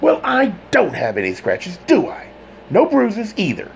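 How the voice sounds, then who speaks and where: A man voicing an indignant, hot-tempered young man who rants and shouts, his pitch climbing high. The voice swings widely and carries a gravelly rasp, with a faint hum of ambience behind it in this audiobook. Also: huge pitch swings, a little slow, full character voice.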